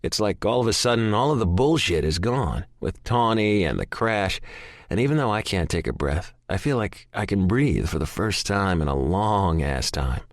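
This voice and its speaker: A man's voice: fairly low pitch, lively intonation, normal speed, no echo. A man narrating a first-person romance audiobook in a profane, intense, emotional way on a close studio mic.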